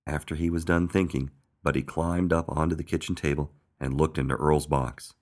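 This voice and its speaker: Deep-voiced man reading a picture book. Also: normal speed. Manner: expressive, storytelling. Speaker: storybook reader. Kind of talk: children's picture book read-aloud.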